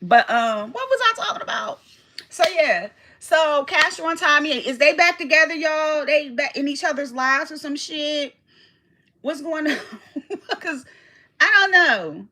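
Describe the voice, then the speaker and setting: A woman talking on her own livestream in a high, bright voice. She rambles casually and swears often, calling out viewers by name and losing her thread now and then. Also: lively intonation, unhurried. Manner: chatty, rambling, reads chat aloud, swears freely. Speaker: livestream host.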